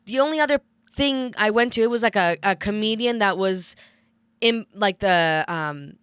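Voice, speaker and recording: A woman's voice: mid-range voice, normal speed, fairly bright tone, smooth, no room sound, studio quality. A woman co-hosting a podcast, telling a story in casual chat, rambling with lots of filler words and swearing. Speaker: podcast co-host.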